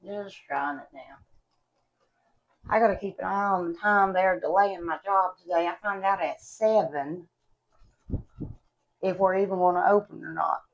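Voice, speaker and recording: A woman from West Virginia with an Appalachian Southern accent chats casually to camera at home, reviewing products in a folksy, talkative way and calling viewers y'all. Her lowish voice has vocal fry and a steady tone at a moderate pace, and the recording is muffled.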